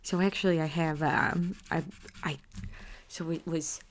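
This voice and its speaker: A woman's voice: sits low, steady tone, a little slow. A woman doing a whispered role-play as a wild, gossipy, unhinged aunt, rambling and chatty, slipping in and out of a whisper on a close mic. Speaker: ASMR creator.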